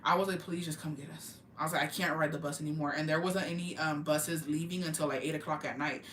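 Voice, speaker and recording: A woman's voice: low-pitched, fairly even intonation, quick pace, a bit bright, a little hiss or hum. A woman from Texas telling stories in casual chat, profane and gossipy, mixing in Spanish words. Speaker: livestream host. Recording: roomy echo.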